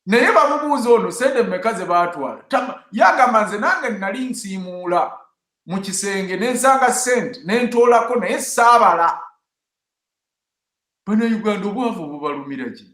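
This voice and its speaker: A man giving animated, mocking commentary on an online talk show. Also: high-pitched, normal speed, roomy sound.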